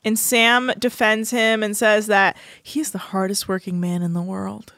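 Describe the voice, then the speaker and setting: A woman's voice: mid-range voice, little pitch movement, moderate pace, a bit bright, no echo. A woman co-hosting a podcast in a studio, recapping a show in blunt, sardonic casual chat and swearing freely.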